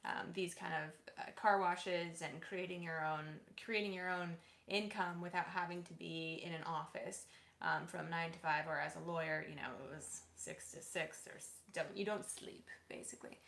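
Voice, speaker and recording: A woman's voice: lowish voice, steady tone, normal speed, gravelly, fairly bright tone, roomy sound. A woman co-hosting a casual livestream chat, bubbly and playful, often breaking into laughs. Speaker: co-host, lawyer and actress.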